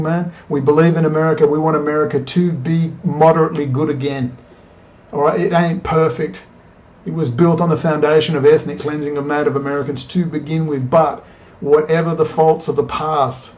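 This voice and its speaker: Fervent rambling man, higher-pitched voice. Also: darkish tone. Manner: fervent, exhorting, digressive, swings from urgent to weary. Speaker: political video blogger. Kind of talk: impassioned rambling monologue to camera. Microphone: laptop webcam.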